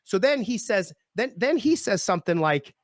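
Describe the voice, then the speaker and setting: A man, the guest of an interview, telling a personal story in a lively way and acting out the people in it. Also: high voice, normal speed, dry recording, studio quality. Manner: lively, acts out voices in his stories. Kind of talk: animated storytelling.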